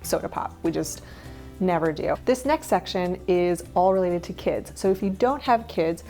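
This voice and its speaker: A woman in her thirties, chatty and candid, lists the things she no longer buys in a relaxed vlog. Her voice sits fairly low, with quick asides and little laughs, and faint music plays underneath. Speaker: minimalist lifestyle vlogger. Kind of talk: casual talking-head vlog.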